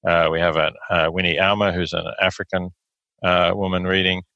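A man with an Australian accent, answering interview questions in a measured way with many fillers and restarts. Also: deep voice, little pitch movement, dry recording, highs cut off. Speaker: guest philosopher.

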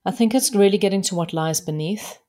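A woman's voice: medium pitch, a little fast, dark tone. A woman from South Africa, a relationships coach, talking directly and plainly in a podcast interview.

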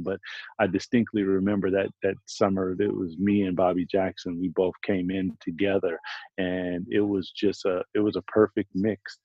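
A former pro basketball player telling stories in a casual talk, halting and restarting often. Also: male voice, low voice, no echo, muffled recording. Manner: halting, with many restarts and repeated words. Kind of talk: casual conversation, storytelling.

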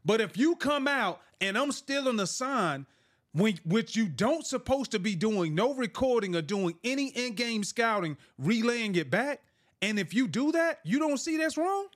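A man's voice: high voice, expressive, a little slow, fairly bright tone. A middle-aged man co-hosting a podcast, challenging his partner by walking through hypotheticals and pressing with questions. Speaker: podcast co-host. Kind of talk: heated sports debate.

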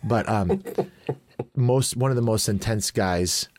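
A man's voice: fairly low pitch, slow pace, no echo, clean studio sound. A man from Chicago hosting a podcast, telling a story in casual chat, acting out quotes with laughs. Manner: animated, laughing storyteller who acts out quotes. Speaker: podcast host.

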